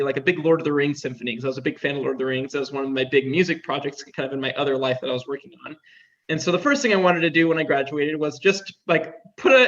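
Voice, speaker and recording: A man's voice: a little high, fairly bright tone. A young man telling stories as an interview guest in a chatty way, with lots of filler words. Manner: chatty, heavy use of "like" fillers. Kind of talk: casual storytelling. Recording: dull lo-fi sound.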